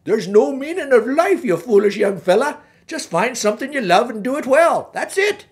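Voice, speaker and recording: A blunt old bridge troll with a lilt growls out his advice, voiced by a man. The voice drops lower and gruffer than the storyteller around him. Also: sing-song, normal speed.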